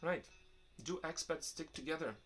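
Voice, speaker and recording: A man's voice: a little high, normal speed. Rambling young man vlogging over music. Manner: rambling, restarts often, relaxed and candid. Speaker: vlogger answering viewer questions. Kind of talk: casual vlog talk.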